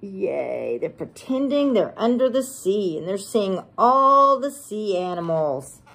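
A preschool teacher reading a picture book aloud to young children, animated and gushing as she talks to them. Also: mid-range voice, measured pace.

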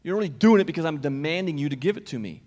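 A man's voice: a little high, lively intonation, racing, darkish tone. A male pastor preaching a sermon in a church auditorium, talking conversationally and putting questions straight to his congregation. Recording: long reverb of a church hall.

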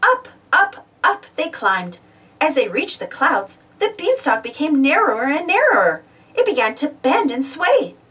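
A woman reading a children's storybook aloud with expressive, lively narration. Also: high voice, normal speed. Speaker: storybook reader. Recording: voice distant from the mic.

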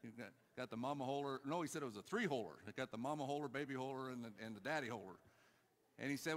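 A man preaching a sermon, telling a story and urging his church, moving between loud calls and quiet asides. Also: mid-range voice, fast, long reverb tail. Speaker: pastor. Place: church hall.

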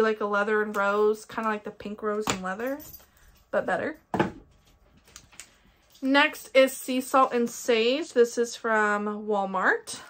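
A young woman with an Ohio accent, who vlogs about her candle collection, casually and eagerly reviews scented wax melts. Her voice is fairly high and fairly bright. Some hiss or hum sits in the recording.

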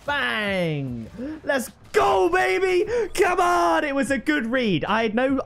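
A young man hosting a gaming channel, commentating his own match live and bursting into excited shouts at big plays. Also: high voice.

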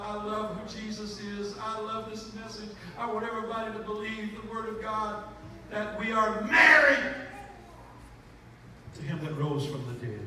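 A man preaching a sermon as bishop, talking with emotion and breaking into shouts and snatches of hymn. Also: high voice. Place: church sanctuary. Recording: echoey church from far off, with noise.

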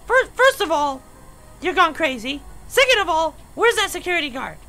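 A man voicing a touchy female animatronic with a very high, defensive voice. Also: big pitch swings, normal speed, pushed and bright, faint music behind, exaggerated voice. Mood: indignant.

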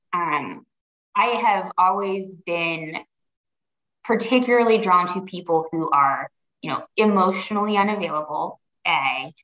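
A woman's voice: lowish voice, a bit bright. A woman guest on a podcast, speaking earnestly and reflectively, often restarting her sentences. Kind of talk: conversational interview. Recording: roomy, dull lo-fi sound.

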